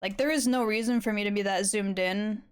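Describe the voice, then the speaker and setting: A woman's voice: mid-range voice, a little fast, clear, resonant tone. Young woman streamer, mid-range voice, loose and rambling, curses freely while drawing. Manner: casual and rambling, swears often. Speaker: live-streaming artist. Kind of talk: casual chat while drawing.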